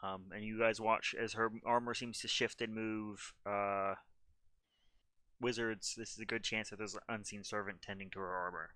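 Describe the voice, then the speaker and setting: Game master, male, bright and crisp, loose, rambling scene narration. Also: on the low side, little pitch movement, normal speed, no room sound. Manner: loose narration full of ums and restarts.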